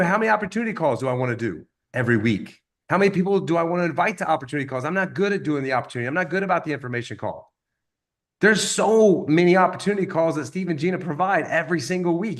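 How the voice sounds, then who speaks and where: A man delivers an energetic, motivational sales training talk, acting out stories with quoted voices. His voice sits on the high side.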